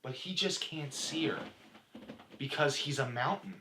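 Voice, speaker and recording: A young man co-hosts a casual podcast and tells stories with excitement. His voice is bright and clear. The room adds a noticeable echo over faint hiss. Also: mid-range voice, a little slow. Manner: excitable storyteller. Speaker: podcast co-host. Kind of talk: casual chat. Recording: echoey room, faint noise.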